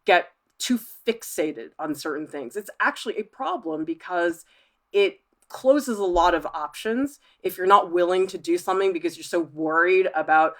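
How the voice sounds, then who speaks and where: A woman art professor hosting a livestream, reading viewer comments aloud and chatting back in a lively, laughing way. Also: on the low side, normal speed. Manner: chatty, animated, laughs often.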